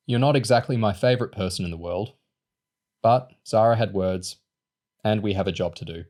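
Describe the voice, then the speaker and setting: A man voicing a calm, matter-of-fact teenage boy on a mission. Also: fairly low pitch, normal speed, natural voice. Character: cool-headed teenage boy agent.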